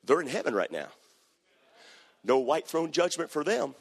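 A male pastor preaching a sermon, moving between hushed storytelling and shouting. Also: a little high, big pitch swings, normal speed, creaky, slightly rough. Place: church sanctuary. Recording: echoey church hall.

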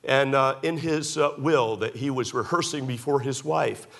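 A man's voice: medium pitch, moderate pace, gravelly, fairly bright tone. A man preaching a sermon, emphatic, firing rhetorical questions at the congregation and telling folksy stories. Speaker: pastor.

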